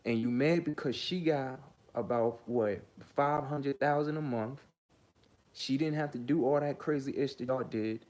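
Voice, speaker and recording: A man's voice: mid-range voice, unhurried, a little mellow. A man hosting his own commentary vlog, ranting heatedly, stammering and repeating himself. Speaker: host.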